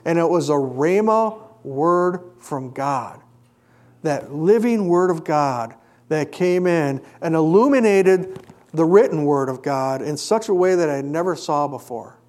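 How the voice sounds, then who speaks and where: Earnest preacher man, fairly high voice. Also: lively intonation, a little slow. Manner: earnest, building to emphatic peaks then dropping quiet. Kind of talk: sermon with personal story.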